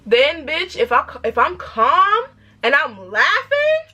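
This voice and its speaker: A woman in her twenties with a New York accent, telling a storytime vlog in an animated, emphatic way with rhetorical questions. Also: high-pitched, takes it slowly. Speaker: vlogger.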